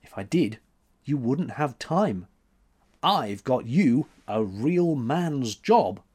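A headstrong young woman sculptor teases and scolds in a raised, swooping voice, as a male reader puts her on. Her lines come slowly, with big leaps of pitch. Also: lively intonation, a little mellow, breathy edge. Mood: teasing. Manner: teasing, quick-tempered, higher voice.

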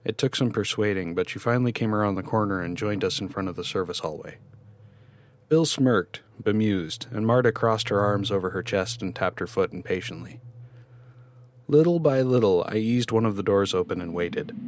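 A man narrating a first-person horror story in a tense, measured way. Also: lowish voice.

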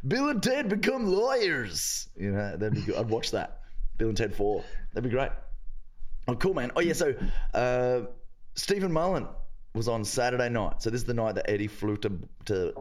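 A man's voice: mid-range voice, lively intonation, moderate pace, darkish tone. A man with an Irish accent hosting a comedy podcast, laid-back and joking as he introduces clips. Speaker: podcast host. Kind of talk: casual chat.

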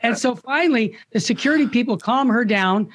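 An older man, a Catholic radio founder, telling stories with passion in an animated interview and acting out the people he quotes. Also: extremely high pitch, a little fast. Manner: impassioned, acts out quoted voices.

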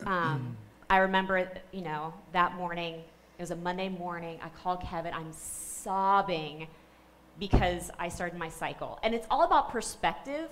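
A woman in her thirties, a guest on an interview show, telling her family story in an animated way and acting out what people said. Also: on the low side, normal speed, poor audio. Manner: animated storyteller, acts out quotes, laughs. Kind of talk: storytelling in a faith podcast interview.

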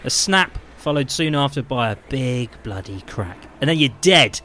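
A man's voice: medium pitch, lively intonation, moderate pace, pushed and bright, a little hiss or hum. A man co-host reading a scripted segment introduction with a theatrical delivery.

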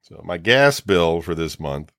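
A man's voice: deep voice, expressive, a little slow, a bit bright, no echo, studio quality. A man co-hosting a podcast, ranting in casual chat and swearing freely. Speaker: podcast co-host.

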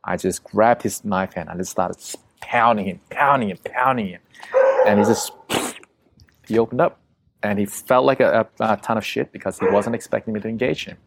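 A man's voice: on the low side, normal speed, gravelly. A man telling a story in a casual, conversational way, vivid and profane, often acting out what people said. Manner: vivid, profane, acts out quotes.

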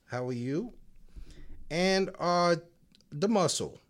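A man's voice: high voice, animated, slow. A man co-hosting a podcast in casual banter, teasing and joking, with frequent ums. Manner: jokey, teasing, hesitant with many ums. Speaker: podcast co-host.

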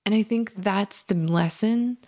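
A woman in her thirties hosting a meditation podcast, talking in a gentle, rambling, reflective way, her voice a little scratchy from allergies. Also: mid-range voice, measured pace. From Michigan, USA. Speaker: podcast host. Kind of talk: casual meditation podcast intro.

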